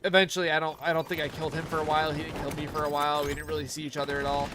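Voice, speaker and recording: A man's voice: a little high, little pitch movement, rapid-fire, noisy background. A man streaming a game, telling a long story in rambling, profane casual commentary. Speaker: gaming streamer. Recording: gameplay with clear gunfire behind. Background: game gunfire.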